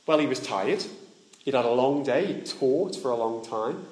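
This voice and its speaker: A man preaching a sermon in plain words, asking his listeners direct questions and dropping soft and low on solemn points. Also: lively intonation, normal speed. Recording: echoey room.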